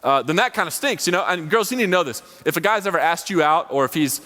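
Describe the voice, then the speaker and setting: A man's voice: on the high side, expressive, fast, sharp tone. A young man giving a casual, rambling sermon, full of fillers, to a live audience. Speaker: college ministry speaker. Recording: long hall reverb.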